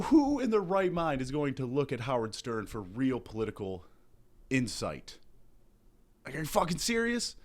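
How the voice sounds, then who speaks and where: A young man tears through a satirical comedy rant, his pitch leaping all over as he swears and feigns outrage. He sounds hungover, sometimes dropping low and grumbling before shouting again. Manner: loud, profane, mock-outraged ranting with exaggerated impressions. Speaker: comedy podcast host.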